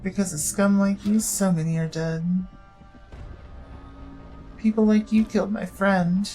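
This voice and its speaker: A woman's voice: medium pitch, fairly even intonation, a little slow, mellow, faint music behind, lightly acted, poor audio. A woman reading as a vengeful armed man. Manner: threatening, bitter.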